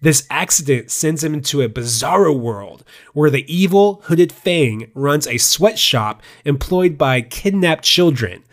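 A man's voice: a little high, lively intonation, unhurried, hardly any pauses. A man co-hosting a podcast, chatting casually and laughing often as he talks about movies. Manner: laughs often, loose and joking. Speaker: podcast co-host.

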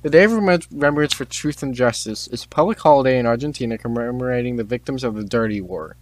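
A man's voice: mid-range voice, quick pace, dry recording. A teenage boy hosting a casual chat, reading out on-this-day facts, tripping over names and tossing in joking asides. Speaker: podcast host.

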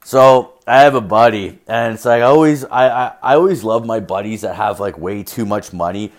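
A rowdy young man from Canada tells a story on his podcast, swearing constantly and playing out both sides of the exchange. His voice sits a little low, and he talks in a loose, casual way. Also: moderate pace. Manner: profane, rowdy, acts out both sides of dialogue. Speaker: podcast host.

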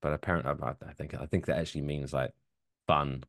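A man's voice: a bass voice, quick pace, no room sound, studio quality. A man hosting a comedy podcast, chatting casually in a jokey way with frequent restarts. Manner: animated, jokey, stumbling restarts. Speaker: podcast host.

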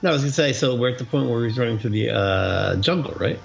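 Gravelly low-voiced man in lo-fi audio. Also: expressive, quick pace, soft background music. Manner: laid-back, questioning, storytelling. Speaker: podcast co-host. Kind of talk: casual movie commentary chat. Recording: dull lo-fi audio.

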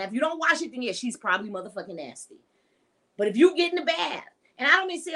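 Middle-aged woman, podcast host, blunt and profane, with a high, bright voice. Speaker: podcast host and sex educator. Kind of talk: unscripted monologue podcast.

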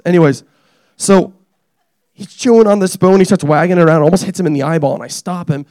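A young man preaching a casual, energetic sermon, joking and teasing the congregation as he tells stories about his family. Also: high voice, quick pace, dry recording, studio quality. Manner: animated, joking, self-deprecating. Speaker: pastor.

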